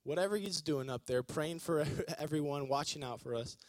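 A male preacher giving an energetic, joking sermon and calling on the congregation to respond. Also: on the high side, moderate pace, no room sound. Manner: energetic, joking, calls on the audience.

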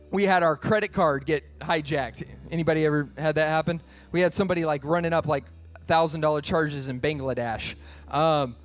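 Guy pastor w a pretty high voice, chatty sermon, jokes on himself, faint music under it. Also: a bit bright. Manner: conversational, storytelling, laughs at himself.

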